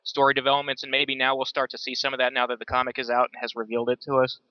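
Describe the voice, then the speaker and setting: A man's voice: medium pitch, completely flat delivery, racing, no echo, dull audio. An American man co-hosting a fan podcast, chatting casually and thoughtfully, often restarting his sentences. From United States. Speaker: podcast co-host. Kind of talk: casual chat.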